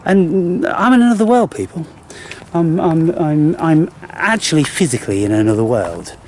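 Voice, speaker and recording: A man's voice: on the high side, expressive, normal speed, a little mellow, a little hiss or hum. A man talking in an unscripted vlog, standing outdoors in a graveyard, rambling and swearing often, with frequent restarts. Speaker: spiritual vlogger.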